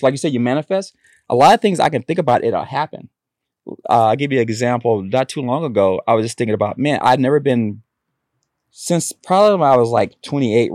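A man's voice: mid-range voice, a little mellow, no echo. Rambling storytelling man, dry sound. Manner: rambling storytelling with many restarts. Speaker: author and actor, guest. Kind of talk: casual conversational interview.

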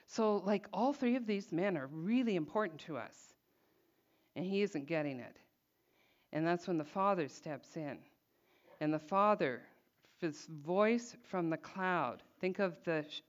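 Woman Bible teacher, lowish voice, chatty and emphatic, dull recording. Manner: conversational, reads scripture aloud with expressive emphasis.

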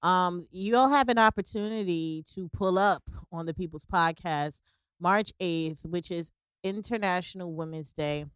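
A woman co-hosting a podcast in relaxed, upbeat casual chat, with plenty of "um" fillers. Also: lowish voice, measured pace, clean tone, no echo, studio quality. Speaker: podcast co-host.

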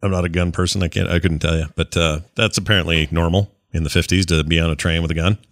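A man's voice: deep voice, fairly even intonation, fast talker, fairly bright tone, dry recording, clean studio sound. A man giving casual reaction commentary on an old sitcom, wry and sarcastic with chuckling asides. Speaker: reviewer watching an old sitcom.

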